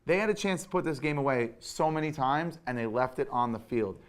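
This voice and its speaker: A young adult man hosting a sports show, giving an animated, opinionated recap with hot takes. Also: mid-range voice, a little fast.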